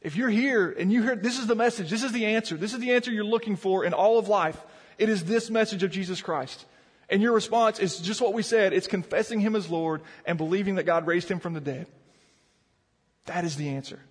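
A man's voice: high-pitched, fairly quick, husky, in a large hall. A man preaching a sermon as pastor, earnest and often repeating words as he builds emphasis. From Virginia mountains.

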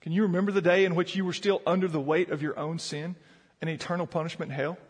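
An earnest pastor preaches in a fairly high, slightly husky voice, repeating words as he presses his point. His voice rings with the long reverb of a church sanctuary. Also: fairly even intonation, fast talker. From Virginia mountains. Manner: earnest, repeats words when building emphasis. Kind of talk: sermon.

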